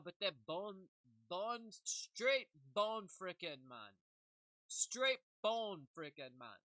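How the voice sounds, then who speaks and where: A woman's voice: mid-range voice, sharp tone, dry recording, low-quality recording. A woman giving a rambling comedic monologue, jokey and laughing often. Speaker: comedic commentator.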